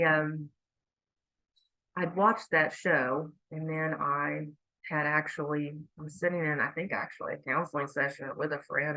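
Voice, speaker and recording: A woman's voice: low voice, bright, forceful tone, rough recording. A woman speaking candidly to viewers, telling a personal story and reflecting on faith in a conversational way. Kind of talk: casual faith talk to viewers.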